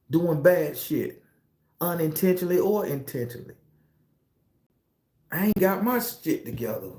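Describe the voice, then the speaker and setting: His voice is on the high side and a little mellow, carrying a Southern US accent. The middle-aged tarot reader gives a confessional, profane, preachy spiritual monologue, recorded in an echoey room.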